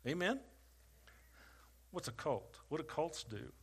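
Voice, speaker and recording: A pastor preaching a sermon. He rises loud for questions to the congregation and drops quiet for stories. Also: a little high, sing-song, slow, slightly rough.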